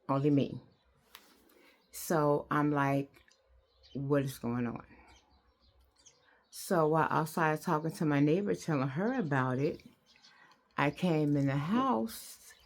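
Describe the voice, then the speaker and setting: An older woman tells a personal story, slow and unhurried, in a low-pitched voice. She rambles and repeats herself, earnest throughout.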